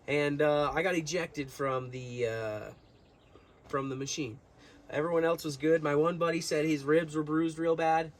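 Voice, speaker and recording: A man's voice: fairly high pitch, fairly bright tone. A young man telling a long story to his viewers in a casual, rambling way, full of fillers and restarts. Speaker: vlogger.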